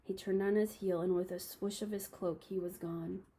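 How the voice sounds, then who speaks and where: A woman reading a children's novel aloud to a class, calm and steady with small slips. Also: mid-range voice, moderate pace, breathy edge, low-quality recording.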